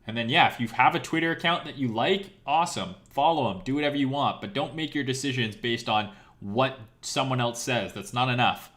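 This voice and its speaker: A man with a worn, hoarse voice, a crypto trading streamer talking to his viewers in a blunt, casual live-stream rant, swearing freely and often tagging "right?" onto what he says. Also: medium pitch, a little fast, few pauses, a bit bright. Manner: blunt, profane, repeats "right?". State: losing his voice.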